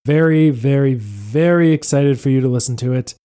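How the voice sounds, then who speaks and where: A man's voice: mid-range voice, moderate pace, dark tone, clear, resonant tone. A man hosting and narrating as dungeon master of a tabletop game podcast, upbeat and playful with a self-mocking tone.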